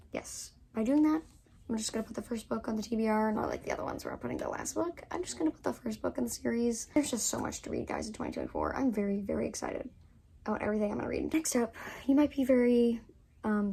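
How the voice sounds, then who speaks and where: A woman's voice: on the high side, creaky, mellow, husky. A young woman in her twenties chatting casually to camera as a book vlogger, gushing and full of fillers.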